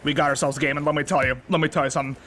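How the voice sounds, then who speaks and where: A young man giving casual play-by-play commentary of a video game, excitable and bursting into shouts on big plays. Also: fairly high pitch, racing, crowd noise. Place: library. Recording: noisy background.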